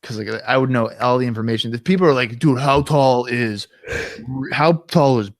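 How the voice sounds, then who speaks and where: A man's voice: mid-range voice, moderate pace, no echo, clean studio sound. A young man co-hosting a podcast, telling stories in a rambling, swearing way and acting out quotes from his past. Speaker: podcast co-host. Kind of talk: casual storytelling chat.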